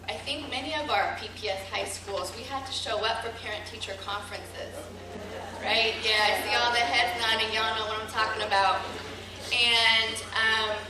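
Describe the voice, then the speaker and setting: Female teacher speech, earnest and halting, distant mic, roomy hall. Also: a little high, noisy background. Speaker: teacher speaking at a gathering. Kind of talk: emotional speech to an audience. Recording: echoey hall recorded from far.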